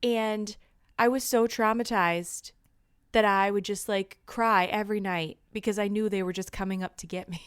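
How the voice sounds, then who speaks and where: A woman co-host with a mid-pitched voice, telling a story earnestly in casual chat. The recording is dry, with no room sound. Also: steady tone, normal speed, clear, resonant tone, no echo. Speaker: podcast co-host.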